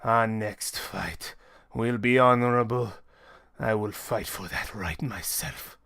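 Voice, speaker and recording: Proud male gladiator, grave and formal, voiced by a man, deep and slow. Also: fairly bright tone, no echo, clean studio sound. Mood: solemn. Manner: grave and formal, booming when angered. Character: proud honor-bound male gladiator champion.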